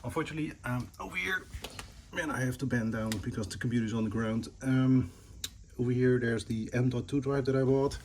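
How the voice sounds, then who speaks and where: A man's voice: mid-range voice, fairly quick, a little mellow, slight background noise. A man casually narrating his PC build while filming on a handheld phone, talking in a rambling, hesitant way with many fillers. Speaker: PC building vlogger. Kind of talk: casual self-filmed narration. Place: indoors at home, sitting on the floor.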